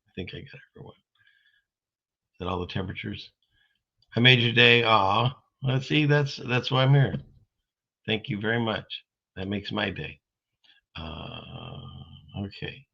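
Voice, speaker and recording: A man's voice: on the low side, animated, a little slow, vocal fry, pauses often, pushed and bright, husky. A man hosting a casual live stream, rambling in a folksy way as he reads out viewer comments. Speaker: streamer host. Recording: dull lo-fi stream audio.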